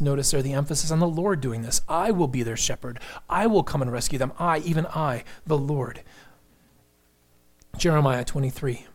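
Male pastor, slightly higher voice, earnest sermon delivery that swells and sinks. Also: normal speed. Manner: earnest preaching, rises in pitch and force for emphasis, drops to a near whisper.

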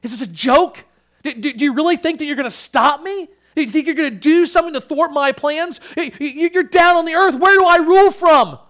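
A preacher voicing God, loud and scoffing. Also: male voice, very high voice, voice pushed up. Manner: incredulous, mocking, loud. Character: God on his throne, scoffing at kings. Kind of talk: sermon.

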